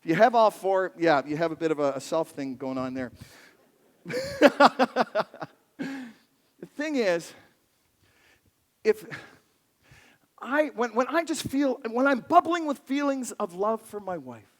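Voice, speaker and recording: A man preaching a sermon to his congregation in a playful, animated way, joking with the crowd and asking for shows of hands. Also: sits high, slow, pauses often, in a large hall. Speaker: pastor. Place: large church sanctuary.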